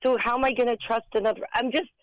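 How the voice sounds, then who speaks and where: A woman calling in to a radio show, talking in halting, tearful bursts with nervous laughs as she fights back tears. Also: a little high, fairly even intonation, no echo. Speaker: caller. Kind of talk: emotional call-in confession. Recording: phone line.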